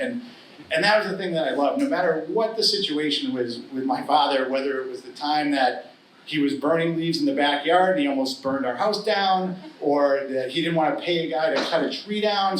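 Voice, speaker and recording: Middle-aged man, live storytelling, wry and earnest, fairly high voice, roomy hall. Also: fairly bright tone, far from the mic, a little hiss or hum. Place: stage at a live story slam.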